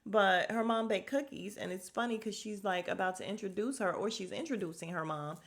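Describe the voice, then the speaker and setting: A woman's voice: mid-range voice, fairly quick. A woman hosting a podcast, recapping a reality show in casual, blunt, profane chat and laughing often. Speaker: podcast host.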